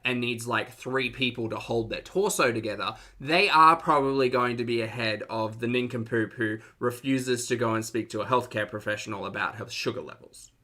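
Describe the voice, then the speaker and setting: A man's voice: mid-range voice, moderate pace, few pauses, bright, forceful tone. A man with an Australian accent, giving sarcastic, chatty reaction commentary on a live stream and reading out chat messages.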